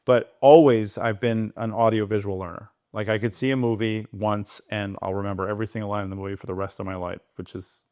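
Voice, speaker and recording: A man speaking as a podcast guest, animated and digressive, talking in quick bursts. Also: lowish voice, no echo, clean studio sound. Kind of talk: conversational interview.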